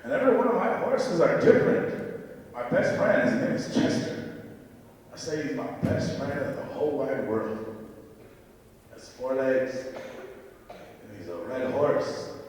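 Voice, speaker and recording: A man's voice: medium pitch, animated, a little slow, pauses often, a little mellow. Dakota guy telling heartfelt stories, super echoey room, faint background hum. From Dakota region. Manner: earnest, reflective, emotional storytelling. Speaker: speaker at a university event on horse therapy. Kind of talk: personal storytelling talk. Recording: echoey hall, voice far from mic.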